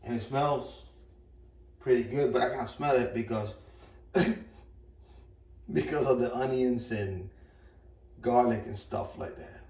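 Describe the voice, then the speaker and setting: A man's voice: mid-range voice, slow pace, pauses often, a little mellow. A middle-aged man telling a rambling, profane story in a casual way while he cooks in his kitchen. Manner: rambling, profane, repeats himself. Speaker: vlogger. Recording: echoey room, mic far off.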